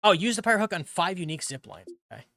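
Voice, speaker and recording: A man's voice: sits high, big pitch swings, very fast, gravelly, bright, forceful tone, no room sound. A young man streaming a video game, chatting in a rambling way and reading quest text aloud. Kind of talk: casual let's-play commentary.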